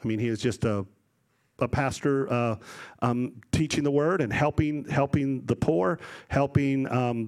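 A middle-aged man preaching a sermon, animated and rising to loud emphasis, acting out voices as he tells stories. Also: mid-range voice.

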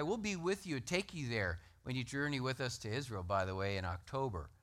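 A man preaching a sermon, reading scripture aloud and acting out the quotes in a lively, conversational way. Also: a little high. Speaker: pastor.

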